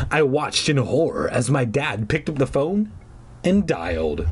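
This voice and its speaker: A man's voice: mid-range voice, sing-song, measured pace, breathy edge. A man reading a children's horror book aloud, breaking off for irreverent, swearing jokes. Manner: irreverent, swearing, joking asides. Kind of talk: comedic book reading with asides.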